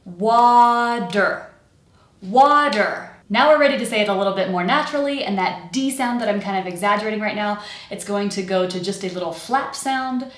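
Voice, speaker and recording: A woman with an American accent teaching pronunciation, demonstrating and exaggerating sounds clearly for learners. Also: mid-range voice, roomy sound. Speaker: accent coach. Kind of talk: pronunciation lesson.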